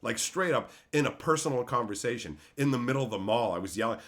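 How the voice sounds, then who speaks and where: A man hosting a livestream, chatting casually with his viewers. His voice is bright and forceful and swings widely in pitch. He talks bluntly, swears freely and breaks into loud outbursts. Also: lively intonation, fast talker, few pauses. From Canada. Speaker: streamer host.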